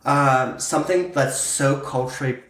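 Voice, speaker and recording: A man's voice: medium pitch, moderate pace, fairly bright tone. A man from Pittsburgh co-hosting a podcast in a casual, playful chat full of ums and likes. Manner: playful, fillers like um and like. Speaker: podcast co-host. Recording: echoey room.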